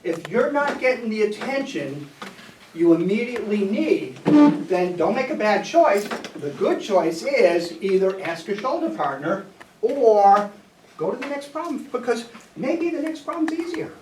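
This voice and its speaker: Teacher coaxing answers from a class. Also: female voice, medium pitch, big pitch swings, measured pace, a little mellow. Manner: coaxing, asks the class questions. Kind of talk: classroom lesson. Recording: echoey classroom from far off, noisy.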